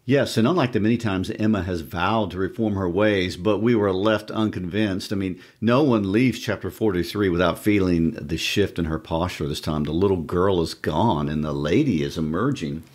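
A man's voice: low-pitched, moderate pace, few pauses. A man co-hosting a podcast, joining the discussion of a novel in a good-humoured, reflective way. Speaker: podcast co-host. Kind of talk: literature discussion.

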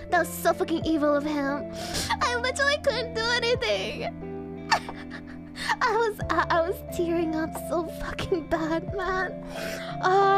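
A young woman streamer talks in a very high voice, excitable and stammering as she reacts. She laughs often and swears freely in casual chat. Music plays behind her.

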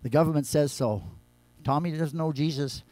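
Male pastor, fairly high voice, preaches in swings from hushed scripture reading to loud raised emphasis; dry, close sound. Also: moderate pace, dry recording. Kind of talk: sermon. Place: church.

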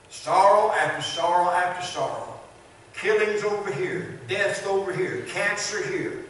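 Older preacher in a booming church hall. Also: male voice, slight background noise. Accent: Southern American. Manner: rhythmic preaching with repeated phrases, swinging loud and soft. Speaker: pastor. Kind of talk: sermon. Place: large church sanctuary. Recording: very echoey church hall from a distance.

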